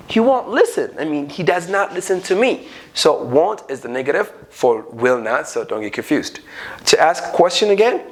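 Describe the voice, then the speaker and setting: A man with an Ethiopian accent teaching an unscripted English grammar lesson, acting out little everyday dialogues as he explains. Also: a little high. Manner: animated, acts out little dialogues.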